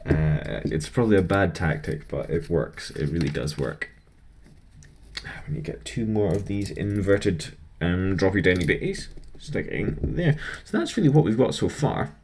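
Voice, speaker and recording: A man's voice: sits low, sing-song, normal speed, darkish tone, slight background noise. A young man rambling casually about his week while building a model kit, chatty and self-deprecating.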